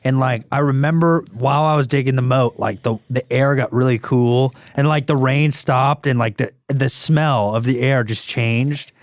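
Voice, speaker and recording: A man chatting on a podcast, rambling through a story with constant "like"s and restarts. His pitch sits in an ordinary middle range. The sound is dry and close, with no room around it. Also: moderate pace, hardly any pauses, no room sound. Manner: rambling storyteller, heavy use of "like". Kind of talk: casual podcast chat.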